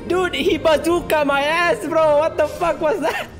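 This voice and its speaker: A streamer giving excitable live gameplay commentary, full of trash talk, laughter, repeated taunts and non-native English grammar. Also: extremely high pitch. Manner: taunting, repeats short phrases.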